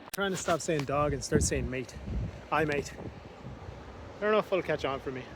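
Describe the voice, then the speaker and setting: A young man vlogging casually outdoors on a windy coast, rambling enthusiastically in relaxed slang. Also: fairly high pitch, quick pace. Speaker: travel vlogger. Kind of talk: casual travel vlog. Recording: wind noise on the mic.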